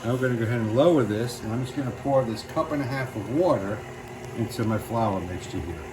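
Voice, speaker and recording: A middle-aged man with a Brooklyn accent, hosting a casual cooking demonstration in a relaxed, plainspoken way. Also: medium pitch, quick pace. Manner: relaxed, plainspoken, repeats "real simple". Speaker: cooking show host. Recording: noisy kitchen recording.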